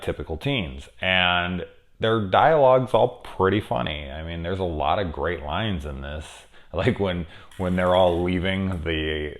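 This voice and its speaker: Deep-voiced man rambling through a movie review. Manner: rambling, profane and enthusiastic, with many fillers. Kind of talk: casual spoiler review.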